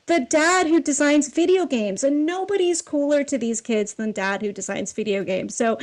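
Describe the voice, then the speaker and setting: A woman guest on a podcast, a film costumer, telling casual stories with an animated, self-deprecating manner and frequent laughter. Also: high voice, normal speed, low-quality recording.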